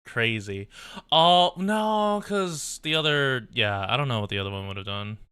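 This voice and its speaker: A man's voice: fairly low pitch, fairly quick, bright, forceful tone, smooth, dry recording. A male streamer casually reacting aloud while reading a game story on a live stream. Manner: casual, reacting aloud between dialogue lines.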